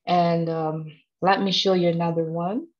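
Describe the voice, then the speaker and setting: A woman runs an online trading lesson, teasing her viewers and laughing as she talks. Her voice sits a little low and moves at an unhurried pace. The sound is dull and lo-fi, like webinar audio. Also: flat delivery. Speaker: trading instructor.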